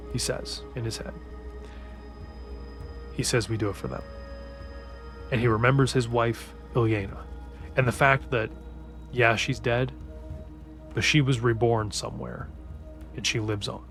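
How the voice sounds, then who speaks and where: A man giving a casual, rambling recap of a fantasy book series, swearing a lot and restarting sentences as he gets excited. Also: mid-range voice. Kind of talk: casual spoiler-heavy story recap.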